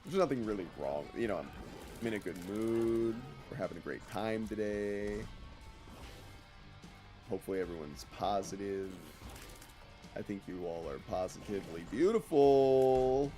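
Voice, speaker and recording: A man with a lowish voice streams a game and talks to his chat in a loose, rambling way. He jokes as he plays. Faint music sits under his talk. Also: expressive, normal speed. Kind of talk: casual gameplay commentary.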